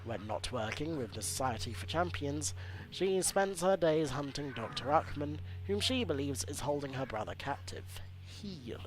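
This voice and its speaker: A man's voice: a little high, lively intonation, normal speed, rough recording. A man hosting a let's play, reading hero bios aloud and joking between them in a chatty way. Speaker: gaming channel host.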